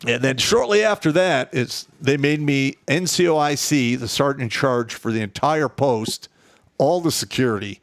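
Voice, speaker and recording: A man's voice: medium pitch, normal speed, vocal fry, no room sound. A middle-aged man telling profane, blunt stories from his army years in a casual chat. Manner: profane, blunt, animated storyteller. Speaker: guest telling war stories.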